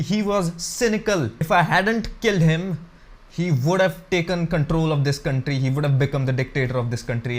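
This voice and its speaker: Crude stand-up comic, higher voice. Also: male voice. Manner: crude, conversational, addresses viewers as guys. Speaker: stand-up comedian. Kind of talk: stand-up comedy set. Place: his own room. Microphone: camera mic.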